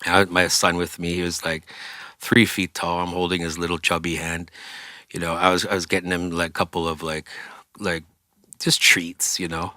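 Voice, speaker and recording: A man's voice: low voice, level tone, normal speed, bright, forceful tone, no room sound, studio quality. A man, a singer and interview guest, telling a story casually, acting out quoted voices and swearing freely.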